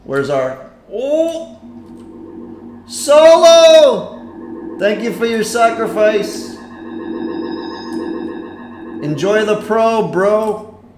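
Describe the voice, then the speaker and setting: Excitable male stream host, echoey room. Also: high-pitched, takes it slowly, pauses often, faint music behind. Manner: chatty, excitable, reacts loudly to a game. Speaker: livestream host. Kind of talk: casual live-stream commentary. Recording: echoey room with faint noise.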